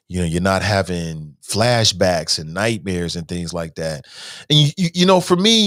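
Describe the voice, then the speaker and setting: A man's voice: fairly low pitch, no room sound, studio quality. A man hosting a news commentary show, talking straight to his viewers in a conversational way, moving between joking asides and heavy emotion. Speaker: show host.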